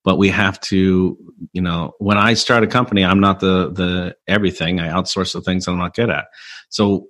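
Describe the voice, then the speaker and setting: A man, a father and entrepreneur, explaining things in a measured, matter-of-fact way during a casual conversation. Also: low voice, steady tone, a bit bright.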